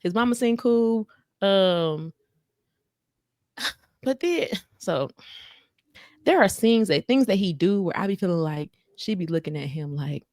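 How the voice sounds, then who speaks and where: Brief: woman podcast co-host, lower voice, dry close mic, animated gossip recap. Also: moderate pace, dry recording. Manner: animated storytelling, acts out voices of people she quotes. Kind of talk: casual chat recapping a reality show.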